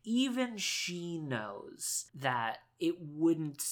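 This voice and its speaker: A man co-hosting a podcast, recapping a cartoon in animated, emphatic casual chat with frequent restarts. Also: a little high, drawn-out words. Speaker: podcast co-host.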